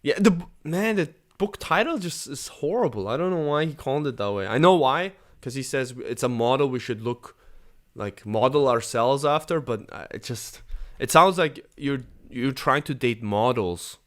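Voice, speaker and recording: A man's voice: mid-range voice, normal speed. Chatty man co-hosting a podcast. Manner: chatty, animated, frequent restarts. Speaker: podcast co-host and stand-up comedian. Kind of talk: casual podcast chat.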